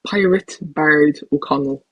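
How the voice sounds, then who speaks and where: A woman's voice: sits low, a little slow, breathy edge, dry recording, poor audio. A woman co-hosting a podcast in casual chat over a remote call, bringing up topics and reading out comments. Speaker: podcast co-host.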